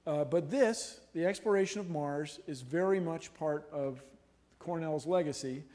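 A middle-aged man giving a humorous university lecture in a lecture hall, animated and jokey. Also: a little high, measured pace. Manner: animated, jokey, playful voices and laughs. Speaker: guest lecturer.

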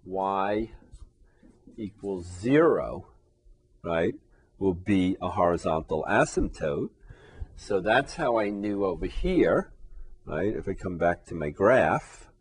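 A man lectures on calculus in a classroom, taking his time with a low, husky voice. He keeps asking his students "right?" as he works at the board. His voice drifts off now and then as he turns away from the camera. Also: lively intonation, takes it slowly, pauses often. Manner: checks in often with rhetorical questions; moves about the board, voice fading as he turns away. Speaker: math teacher. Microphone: camera in the room.

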